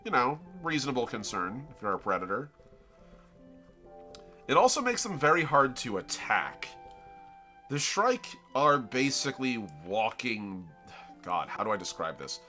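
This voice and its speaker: A man's voice: mid-range voice, big pitch swings, unhurried, long pauses, bright, forceful tone, soft background music. A man with a Floridian accent, chatting casually and rambling as he explains his drawing on a live stream. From Florida, United States. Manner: rambling, self-interrupting, explains as he draws.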